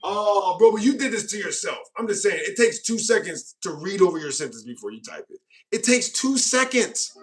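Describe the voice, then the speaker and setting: A man's voice: sits high, lively intonation, fairly quick, few pauses. An American man hosting a casual stream, reading viewer comments aloud with mock outrage and calling people bro. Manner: joking, mock-offended, calls viewers bro. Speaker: host.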